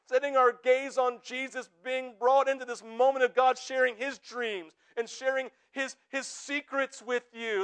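A pastor preaching a conversational sermon, often checking in with his listeners with quick tag questions. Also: very high voice, fairly bright tone.

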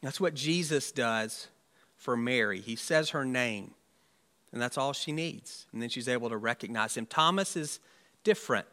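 A man's voice: mid-range voice, expressive, moderate pace, pushed and bright. A man, a pastor, preaching an Easter sermon in a conversational, musing way with rhetorical asides.

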